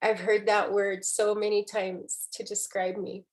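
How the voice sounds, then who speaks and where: A woman poet in a book conversation, speaking emotionally and haltingly, with many restarts. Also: medium pitch, little pitch movement. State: tearful.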